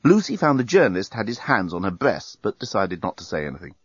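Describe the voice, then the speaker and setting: A man narrating a story aloud in an expressive, lively reading. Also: lowish voice, fast talker, slightly rough, no echo. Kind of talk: audiobook narration. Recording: dry, slightly muffled.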